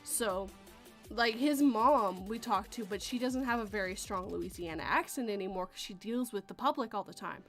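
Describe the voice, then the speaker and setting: A woman's voice: medium pitch, moderate pace, a bit bright, faint music behind. A woman from Western Canada hosting a casual chat, talking in a rambling way and laughing often. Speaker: host.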